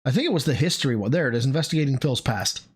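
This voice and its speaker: Male reaction streamer, crude, mocking, very animated pitch. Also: very fast, husky. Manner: crude, mocking, bursts into high laughing squeals. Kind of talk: casual reaction stream commentary.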